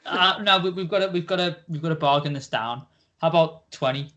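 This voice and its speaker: A man's voice: on the high side, brisk, pushed and bright, muffled recording. A young man co-hosting a podcast in casual chat, teasing and rambling with lots of fillers. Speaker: podcast co-host.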